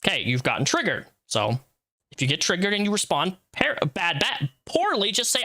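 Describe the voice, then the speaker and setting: Man, livestream host, live reaction commentary, blunt, profane, lecturing, lively pitch, bright tense tone. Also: normal speed. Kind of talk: live commentary reacting to a social media post.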